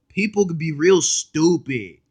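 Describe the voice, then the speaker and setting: A man hosting a casual reaction video, excitable and blunt, talking in slang straight to his viewers and cutting in often to comment. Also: fairly high pitch, gravelly, breathy edge. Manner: excitable, blunt and profane, keeps interrupting with "hold up".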